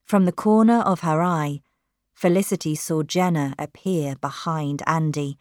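Slow, measured woman reading a story. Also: low voice, no room sound, studio quality.

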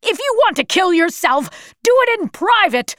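A woman's voice: fairly high pitch, lively intonation, slow pace, no echo, clean studio sound. A woman reading aloud, voicing a cruel, mocking male officer in a storybook. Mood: sneering. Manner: sneering, contemptuous.

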